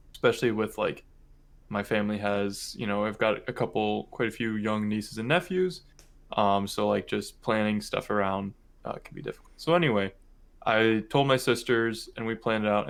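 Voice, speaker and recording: A young man from Michigan, co-hosting a podcast, telling a family story in a rambling, casual way full of "like" and "um". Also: fairly low pitch. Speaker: podcast co-host.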